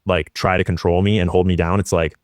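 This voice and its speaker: A young man from Washington State speaks as an interview guest, rushing through his points with intensity and profanity. His voice is very deep, and the recording is dry and close. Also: level tone, no room sound. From Washington State, USA. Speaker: podcast guest. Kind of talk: interview conversation.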